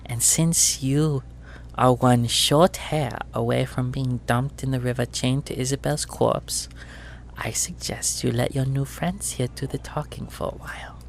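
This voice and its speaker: Voicing a sweetly menacing, mean middle-aged woman who runs a crime ring in a tabletop game, a man gives her a syrupy, nasal, rusty tone. His mid-range voice has vocal fry, fairly even intonation and a measured pace, with a little hiss or hum in the audio. He purrs softly and threatens, stumbling slightly.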